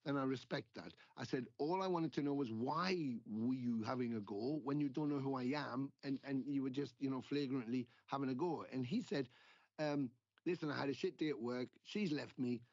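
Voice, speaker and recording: A middle-aged man from England, a guest musician in a casual interview, telling stories with lively acted-out quotes and plenty of swearing. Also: mid-range voice, normal speed, no room sound. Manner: animated storyteller, acting out quoted exchanges, swears freely. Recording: dull lo-fi sound.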